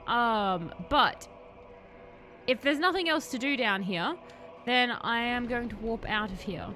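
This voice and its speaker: A woman's voice: a little high, lively intonation, a little slow, sharp tone. A woman streaming a video game, chatting casually with her viewers and laughing often. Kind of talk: casual gaming live-stream commentary.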